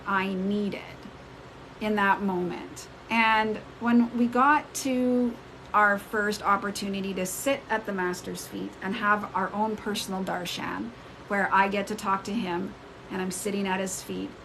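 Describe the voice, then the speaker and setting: A woman telling a personal story on a casual live stream. She retells it in an animated way and jumps up in pitch when she acts out the people in it. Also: gravelly, slight background noise, poor audio. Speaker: spiritual storyteller. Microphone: phone mic on a live stream.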